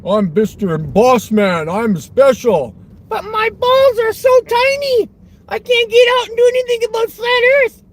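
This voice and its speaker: A man's voice: very high voice, big pitch swings, a little slow, voice pushed up, exaggerated voice. A man mocking a pompous boastful soldier. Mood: smug mocking. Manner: mocking, smug. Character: boastful adult male soldier, pompous and mocked. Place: in a car. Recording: car noise behind.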